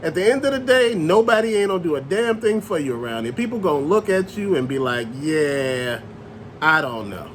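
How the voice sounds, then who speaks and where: Animated high-pitched man ranting. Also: fast talker, hardly any pauses, slight background noise. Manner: loose, animated rant with slang and cussing. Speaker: channel host. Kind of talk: ranting to camera.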